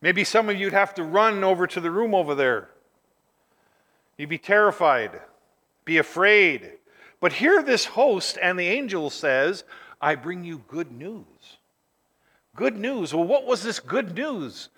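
A man preaching a sermon as pastor, swinging from near-shouts to hushed, quiet lines. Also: high-pitched, big pitch swings, a little slow. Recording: long hall reverb.

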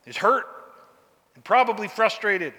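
Preacher guy, high bright voice, chatty folksy sermon, echoey hall. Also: lively intonation, a little slow. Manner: conversational, folksy, asks the listeners questions. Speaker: pastor.

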